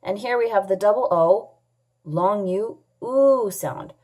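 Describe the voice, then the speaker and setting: A woman teaching a children's phonics lesson, sounding out letters and words clearly and patiently, asking questions and answering them herself. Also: mid-range voice, slow pace, a little mellow. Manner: patient, asks and answers her own questions. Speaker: English teacher.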